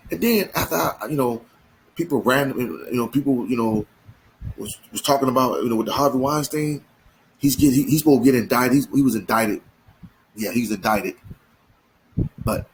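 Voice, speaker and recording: A man's voice: mid-range voice, animated, moderate pace, long pauses, a little hiss or hum, low-quality recording. A man giving an emphatic, slangy commentary monologue, full of repeats and restarts. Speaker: commentary channel host.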